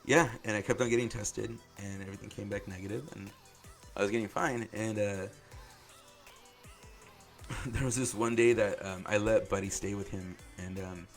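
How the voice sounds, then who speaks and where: A man hosting a podcast, telling his own story in an earnest, halting way, full of "like" and "um". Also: fairly low pitch, fairly even intonation, soft background music. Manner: earnest, openly emotional. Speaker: podcast host. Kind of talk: personal storytelling.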